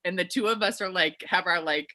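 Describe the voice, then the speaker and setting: A woman comedian chatting as a guest on a video call, animated and quick to laugh, with lots of "like"s. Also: fairly low pitch. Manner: animated, laughing, filler-heavy. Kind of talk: casual video-call chat.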